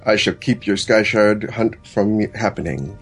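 A man's voice: on the low side, measured pace, breathy edge, soft background music. A man co-hosting a casual gaming podcast, laid-back and hesitant. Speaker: podcast co-host, lore segment.

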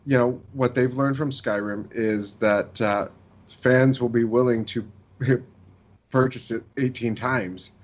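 Podcast cohost guy, measured talk, kinda muffled lo-fi audio. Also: medium pitch, steady tone. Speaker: podcast co-host. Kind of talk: casual podcast chat, reading listener email. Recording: dull lo-fi sound.

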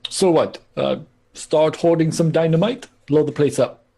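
A man voicing a gruff, indifferent male mob henchman who brushes things off with blunt questions. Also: a little high, a little slow, dark tone, pitched above the performer's own voice. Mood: dismissive.

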